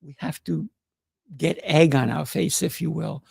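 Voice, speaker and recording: A middle-aged man hosting a motivational livestream, playful and excitable, often laughing as he talks. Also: a little high, a little slow, creaky, breathy edge, no echo, clean studio sound. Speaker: livestream host.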